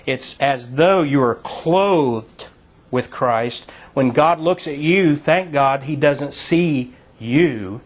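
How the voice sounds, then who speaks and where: A man's voice: medium pitch, takes it slowly. A man leading a Bible study in a conversational, emphatic teaching style, asking listeners to read verses aloud.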